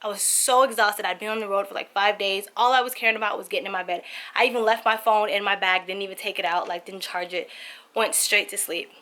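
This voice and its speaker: A young woman vlogging from her apartment, telling a story in a casual, animated way with lots of "like" fillers. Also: mid-range voice, fast. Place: apartment, indoors.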